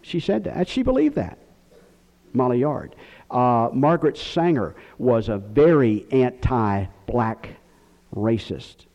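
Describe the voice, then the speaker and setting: A man's voice: mid-range voice, animated, takes it slowly, a little mellow. A man teaching a Bible lesson in sermon style, emphatic and full of rhetorical questions. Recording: dull lo-fi recording.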